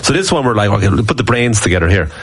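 A man's voice: on the low side, lively intonation, very fast, fairly bright tone, husky. A man hosting a casual sports chat, joking with his guests. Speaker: podcast host.

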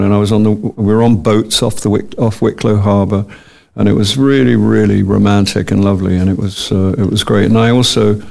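A man, an actor guest, chatting in a rambling, relaxed way with many restarts. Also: on the low side, vocal fry. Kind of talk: casual interview chat.

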